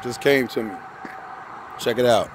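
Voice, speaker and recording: Man, mid-pitched voice, casual motivational vlog, repeats himself for emphasis, upbeat, traffic rumbling behind. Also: unhurried. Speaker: vlogger. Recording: clear traffic noise behind.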